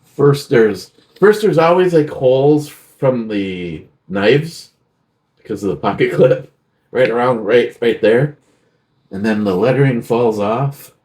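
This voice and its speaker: Co-hosting a casual beer review show, a man recounts stories in an easygoing way, punctuated by bursts of quoted exclamations amid the banter. His medium-pitched voice is a little mellow and slow.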